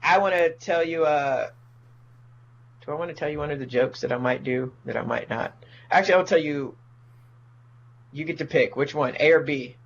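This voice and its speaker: A man's voice: a little high, normal speed, creaky, long pauses, lo-fi sound, a little hiss or hum. A man, a comedian, ranting profanely in casual podcast talk and mocking people in put-on voices. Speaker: comedian guest.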